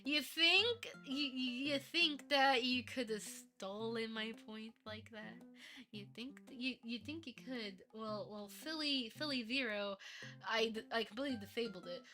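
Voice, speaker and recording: A woman's voice: fairly high pitch, moderate pace, fairly bright tone, faint music behind. A woman streaming live as a VTuber while modeling in 3D, chatting playfully with giggles and mock-villain theatrics. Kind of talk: casual live stream chat.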